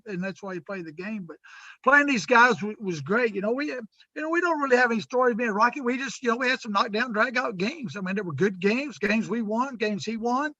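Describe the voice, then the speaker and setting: A middle-aged man from Texas, a high school football coach talking in a rambling, folksy, heartfelt way over a video call. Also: pushed and bright, no echo, dull audio. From West Texas. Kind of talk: casual remote interview.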